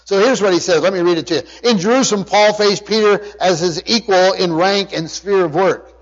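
A male pastor preaches a sermon emphatically, frequently restarting his words as he explains a passage and studies its wording. He has a high voice and talks a little fast, and the recording sounds dull with long hall reverb.

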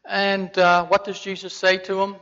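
A male preacher teaches a Bible lesson conversationally, putting rhetorical questions to his listeners. His high-pitched voice is sharp and completely flat, at a normal speed, and the recording has a dull, reverberant hall sound.

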